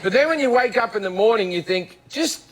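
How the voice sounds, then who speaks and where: A man's voice: sits high, quick pace, slight background noise. Australian man telling a comic story. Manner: animated storytelling, laughs mid-sentence, acts out other voices. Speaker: comedian guest on a talk show. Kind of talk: comic anecdote on a talk show. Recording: talk show clip with loud studio audience. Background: studio audience laughter.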